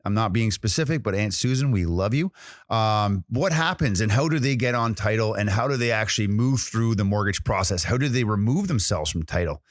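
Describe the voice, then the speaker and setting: A man's voice: fairly low pitch, lively intonation, a little fast, no room sound, clean studio sound. A man hosting a podcast in a casual, chatty way, full of fillers and restarts. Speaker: podcast host.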